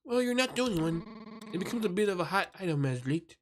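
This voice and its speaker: A man voicing a suave, scheming male professor who speaks with smooth, overly polite probing questions. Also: high-pitched, sing-song, quick pace, background noise, pitched above the performer's own voice. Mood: amicable. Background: music.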